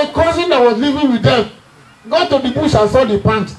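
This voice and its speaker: High-voiced Nigerian man telling family stories. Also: fairly quick, some chatter behind, slight background noise, low-quality recording. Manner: chuckling storyteller, teasing the audience. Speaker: family member speaking at a reunion. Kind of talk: humorous anecdotal speech.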